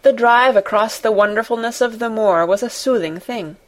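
A woman's voice: a little high, normal speed. Woman narrating a classic novel. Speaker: audiobook reader. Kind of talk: scripted narration.

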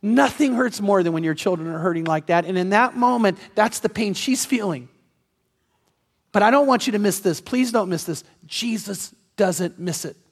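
A man's voice: high-pitched, animated, moderate pace. A pastor delivering a sermon, telling a personal story earnestly and pressing his points with emphatic repetition. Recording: long reverb of a large hall.

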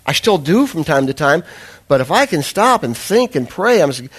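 A man's voice: fairly high pitch, very animated, moderate pace, breathy edge. A man preaching a sermon as a pastor, telling a self-deprecating personal story with humor, then pressing his point with earnest, fervent emphasis.

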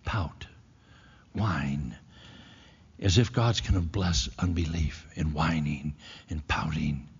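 A man's voice: rumbling low, slow, gravelly, pauses often, breathy edge. A man preaching a sermon, folksy and storytelling, swinging into emphatic passages. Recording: dull echoey hall recording.

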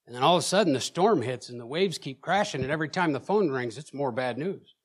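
A man preaching in a church, telling his own story with emotion, at times loud and at times hushed, often repeating words as he presses on. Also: medium pitch, expressive, quick pace, breathy edge. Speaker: preacher sharing a personal testimony. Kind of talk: sermon testimony.

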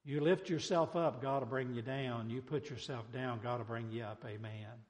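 A man preaching a sermon, emphatic, quizzing his listeners and dropping low on each amen. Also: steady tone, moderate pace, darkish tone. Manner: emphatic, asks the congregation questions, drops low on amens. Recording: long hall reverb.

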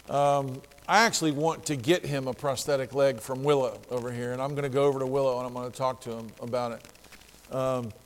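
A man tells a story in an earnest voice that sits a little high for a man. At times he gets loud and emphatic. His voice carries a long reverb tail, as if recorded in a large space. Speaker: ministry speaker telling a story. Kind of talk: spoken testimony story.

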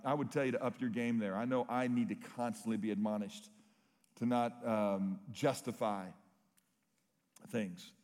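Emphatic preacher in a big hall. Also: male voice, mid-range voice. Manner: emphatic, storytelling preacher with rising intensity. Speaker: pastor. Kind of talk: sermon.

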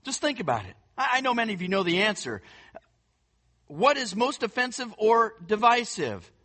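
A man's voice: sits high, sing-song, moderate pace, bright, forceful tone. A man preaching a sermon in an earnest, emphatic way, often repeating words for weight. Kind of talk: sermon teaching.

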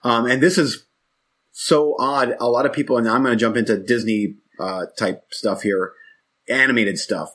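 A husky-voiced man in his forties chats casually as a podcast co-host. He rambles and reflects, often stopping mid-thought to start a sentence over. His pitch sits in an ordinary middle range. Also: steady tone, moderate pace, a bit bright. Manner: rambling, reflective, self-interrupting. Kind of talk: casual chat.

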